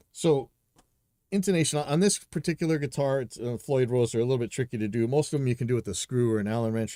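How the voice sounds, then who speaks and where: A man talks through a live stream in a loose, opinionated way, stumbling over restarts as he goes. His voice sits at an everyday middle pitch. The sound is dry and close, with no room around it. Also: a little mellow, no room sound. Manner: rambling, opinionated, restarts often. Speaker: podcast host reacting to a video. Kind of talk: casual live-stream commentary.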